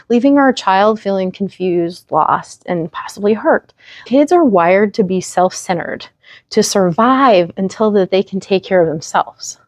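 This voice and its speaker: A woman's voice: mid-range voice, a little mellow, no echo. A woman hosting her own parenting vlog, talking straight to the viewer in an earnest, encouraging way. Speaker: parenting channel host. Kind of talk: direct-to-camera parenting advice vlog.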